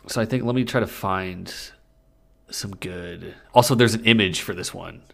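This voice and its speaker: A man with a low, gravelly voice co-hosts a podcast in loose, crude banter. He jokes freely and laughs often. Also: normal speed, fairly bright tone. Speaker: podcast co-host. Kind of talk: casual comedic chat, reading fan fiction aloud.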